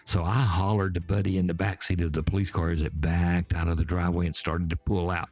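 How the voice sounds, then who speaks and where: A man in his seventies with a Georgia accent telling folksy tales in an unhurried way, talking straight to his listeners. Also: deep voice, flat delivery, a little mellow, no echo, soft background music. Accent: Southern US, Georgia. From Georgia, USA. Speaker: storyteller host. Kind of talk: folksy spoken storytelling. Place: back porch.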